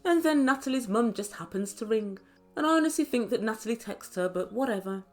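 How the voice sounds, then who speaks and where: A woman's voice: fairly high pitch, animated, brisk, darkish tone, faint music behind. A woman giving an opinionated, sarcastic recap of a reality show, talking straight to her viewers. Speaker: reality TV reviewer. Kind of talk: chatty commentary recap.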